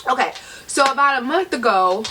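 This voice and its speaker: A chatty, playful woman hosts an unboxing vlog at home, her voice sitting a bit higher than most. She is picked up from a distance. A clear hum of room noise runs behind her. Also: animated, brisk. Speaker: vlogger. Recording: distant mic, noisy room.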